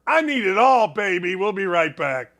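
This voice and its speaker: A man's voice: sits high, sing-song, normal speed, a bit bright. A man hosting a sports talk show, brash and folksy, hammering his points with repetition and sounding congested. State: congested, sneezing. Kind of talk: opinionated sports talk monologue.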